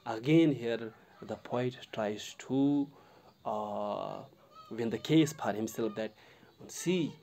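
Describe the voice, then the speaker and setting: A man with a Kashmiri English accent explaining a poem line by line to students, halting often and repeating himself. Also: mid-range voice, warm tone, slight background noise. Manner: halting, many fillers and restarts, addresses the listener directly. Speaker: literature teacher.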